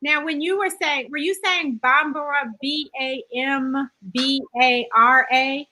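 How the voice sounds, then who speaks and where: A woman's voice: high voice, steady tone, slow pace, sharp tone, rough recording. A woman hosting an interview, curious and affirming, who asks her guest to spell out names. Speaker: host.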